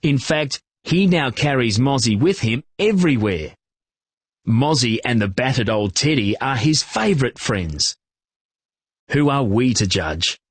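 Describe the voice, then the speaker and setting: Man, husky voice, slow, lively pitch, children's reading lesson narration, dry close sound. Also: no echo. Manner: clear, encouraging, slow instructions with praise. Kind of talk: scripted narration and instructions for children.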